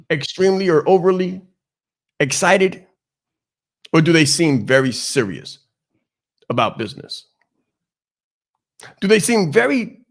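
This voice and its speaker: A man hosting a business podcast as a coach, giving an emphatic motivational talk and repeating his key phrases. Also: sits high.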